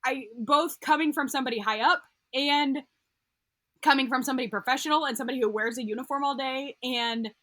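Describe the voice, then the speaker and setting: A woman's voice: high-pitched, a little fast, bright, forceful tone, no room sound. A young woman, a podcast guest, telling a personal story in casual interview talk, rambling with many fillers and restarts. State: getting emotional. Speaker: podcast guest, occupational therapist.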